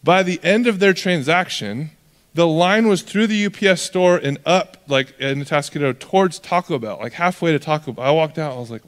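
A young man preaching a sermon as pastor, in a conversational, animated way that acts out characters. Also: a little high, a little fast. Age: young adult. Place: church hall. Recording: long reverb of a church hall.

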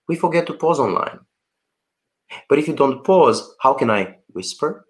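A man being interviewed over a video call, talking about presenting online in an animated, emphatic way. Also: mid-range voice, normal speed. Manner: animated, emphatic, acts out anecdotes. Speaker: guest, presentation coach.

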